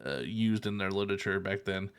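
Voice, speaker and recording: A man co-hosting a podcast, casually retelling a TV episode in a loose, profane way with quick asides. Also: sits low, smooth. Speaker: podcast co-host. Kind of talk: casual chat recapping a TV episode.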